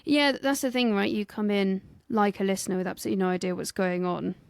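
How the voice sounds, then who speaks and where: A woman's voice: medium pitch, fairly even intonation, fast, creaky, clean tone, no echo, studio quality. A woman co-hosting a history podcast in a casual, jokey way, swearing freely as she tells the story. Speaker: podcast co-host and researcher.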